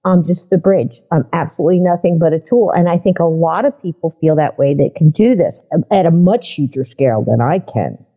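A woman guest on a podcast, telling her experiences in a casual, animated way and acting out the people in her stories. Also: deep voice, fairly quick, few pauses, phone-quality sound. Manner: animated storyteller who acts out the people in her anecdotes. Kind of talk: casual storytelling interview.

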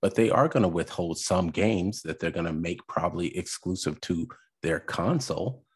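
A man hosting a podcast, reacting to a video in casual commentary, exasperated and halting with fillers. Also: low voice, slightly rough.

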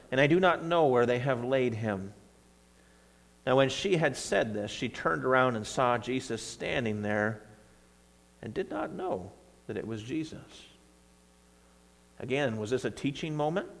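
Animated preacher in a reverberant church. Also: male voice, mid-range voice, unhurried, vocal fry, long pauses. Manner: conversational, animated reading of scripture with bursts of emphasis. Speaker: pastor. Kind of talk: sermon. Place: church sanctuary.

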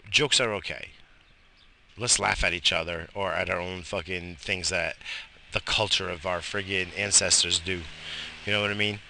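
A young man from Long Island rambles through a casual, profane monologue, a little high, circling back and restarting his thoughts. His voice is low and gravelly but has a sharp, bright edge. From Long Island, New York. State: slightly high. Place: outdoors in bright sun.

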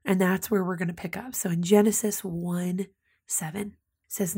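Thirtyish woman giving a devotional talk, kinda husky with some fry, slips into whispers. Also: fairly low pitch, steady tone, normal speed, darkish tone. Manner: intimate, often drops to a whisper. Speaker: podcast host, church ministry leader.

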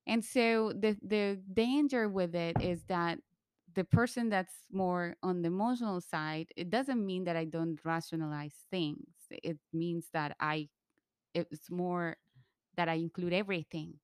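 A woman from Colombia telling a candid personal story in conversation, lively when she quotes others. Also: fairly low pitch, a little slow, clean tone, no echo, studio quality.

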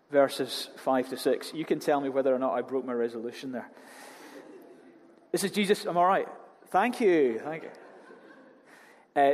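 Pastor preaching in a reverberant church. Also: male voice, mid-range voice, a little hiss or hum. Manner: jokey storytelling, animated. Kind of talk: sermon. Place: church hall. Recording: long hall reverb.

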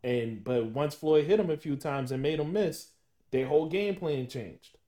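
A man hosting a sports podcast, asking long, halting questions with many restarts in casual chat. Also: fairly high pitch, mellow. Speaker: podcast host.

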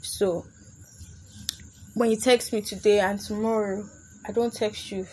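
A woman's voice: mid-range voice, fairly even intonation, a little slow, darkish tone, a little hiss or hum. A young adult woman hosting a casual comedic podcast, chatty and laughing often as she slips into put-on voices. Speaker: podcast host.

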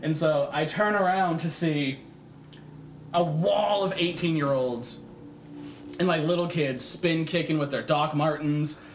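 A young man, co-hosting a casual podcast and telling a profane, animated story that acts out the other voices. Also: fairly high pitch, a little slow, slight background noise. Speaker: podcast co-host. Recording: echoey room.

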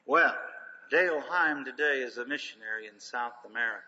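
In a reverberant hall, recorded with dull lo-fi sound, an older preacher tells emphatic, folksy stories as part of his sermon. His medium-pitched voice has a sharp tone and moves fairly quickly.

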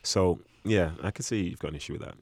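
A young man with a deep voice, telling stories about his football days in a relaxed, chatty way on a podcast mic. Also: quick pace, dry recording, clean studio sound. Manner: relaxed anecdotal, often quoting with a low voice. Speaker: former footballer guest. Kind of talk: casual storytelling chat.

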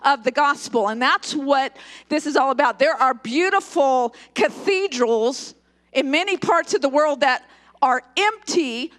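A woman's voice: sits high, fairly bright tone. A woman pastor preaching a live sermon in a church service, emphatic and joking, calling for responses from the congregation.

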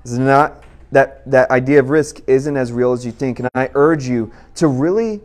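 A man's voice: mid-range voice, normal speed, a little mellow. A man in his thirties preaching a sermon, telling a personal story in a conversational way and speaking straight to his audience.

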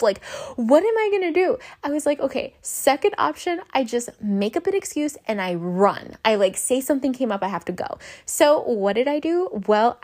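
A young woman hosting a podcast, telling a personal story casually and animatedly, swearing and acting out her own panicked lines. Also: fairly high pitch. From Southern California. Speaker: podcast host.

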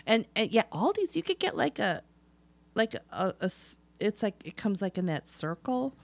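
A woman's voice: medium pitch, very animated, moderate pace, vocal fry. A woman in casual chat with a friend, rambling and restarting, full of fillers.

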